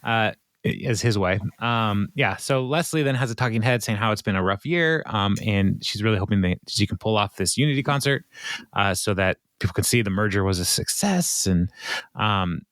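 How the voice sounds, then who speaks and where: A man hosting a podcast, casually recapping an episode, rambling with lots of ums and uhs and quick laughs. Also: on the low side, animated, fairly bright tone, no echo, studio quality. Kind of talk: casual chat.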